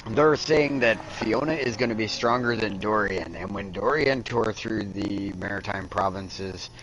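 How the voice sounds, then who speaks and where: A man's voice: lowish voice, a little slow, poor audio. A man, chatting and joking with racing friends over a headset. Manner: chatty, jokey. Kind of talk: casual chat among sim racers.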